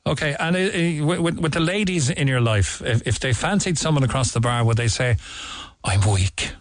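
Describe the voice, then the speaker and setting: A man with a Cork Irish accent hosting a radio chat, talking in a halting way. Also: fairly high pitch, no echo. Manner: halting, many fillers and restarts. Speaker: radio host. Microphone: studio mic.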